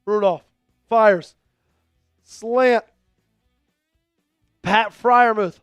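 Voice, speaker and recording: High-voiced man hosting a live stream. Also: a little slow, long pauses, fairly bright tone, dry recording, soft background music. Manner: hypes donors and raffle, calls the game. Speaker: livestream host. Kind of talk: casual live stream chat and play-by-play.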